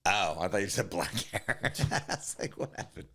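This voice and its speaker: A man's voice: lowish voice, expressive, moderate pace, creaky, pushed and bright, breathy edge. A man co-hosting a comedy podcast, chatting casually in a rambling, profane way that often trails off. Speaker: podcast co-host.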